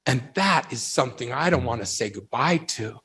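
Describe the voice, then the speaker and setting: A man giving a devotional talk to young people, telling animated anecdotes and asking rhetorical questions. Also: medium pitch, moderate pace, slight background noise. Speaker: religious speaker addressing youth.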